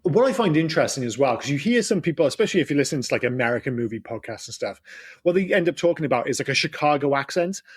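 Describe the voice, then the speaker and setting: A man's voice: on the high side, animated, quick pace, slightly rough. A man co-hosting a podcast, chatting casually and swearing freely as he talks animatedly. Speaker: podcast co-host. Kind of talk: casual chat.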